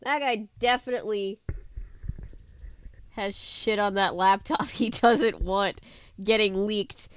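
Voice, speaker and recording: A woman's voice: medium pitch, fairly even intonation, takes it slowly, pauses often, slight background noise. A woman hosting a let's play, giving casual, wry commentary and laughing often. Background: game music.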